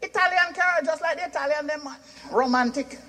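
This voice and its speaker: A Jamaican man from Jamaica performing stand-up comedy, animated and shouting his punchlines in patois. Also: extremely high pitch, a little fast, a little hiss or hum.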